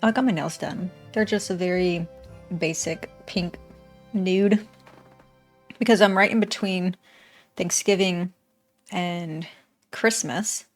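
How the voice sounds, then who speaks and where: A woman's voice: on the low side, slow, pauses often, faint music behind. A woman hosting a reaction video, making chatty, laughing asides to her viewers. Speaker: reaction channel host. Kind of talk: casual reaction commentary.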